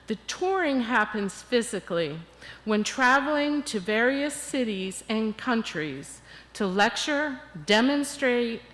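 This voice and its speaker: An older woman guest speaker leading a congregation in laughter exercises, animated and coaxing. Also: medium pitch. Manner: animated, coaxing, bursts into cheering and chanting. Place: church sanctuary. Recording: long hall reverb.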